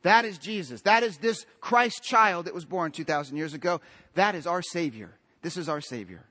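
Male pastor, high voice, emphatic church sermon, stacks up long lists and calls out to the congregation. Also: lively intonation, moderate pace, bright, forceful tone.

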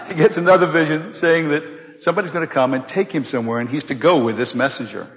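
A middle-aged man telling a personal testimony to a live audience, animated and acting out the voices of the people in his story. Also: on the high side, fast. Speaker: speaker giving a personal testimony. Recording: dull recording in a large reverberant hall.

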